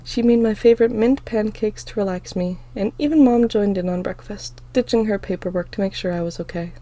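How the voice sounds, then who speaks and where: A woman reading her own story aloud in the first person, with expressive, emotional delivery. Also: mid-range voice, fairly quick.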